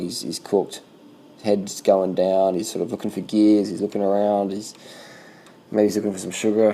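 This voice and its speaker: A man casually commenting on bike race footage as a vlogger, swearing freely and talking in loose animated bursts. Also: low voice, poor audio.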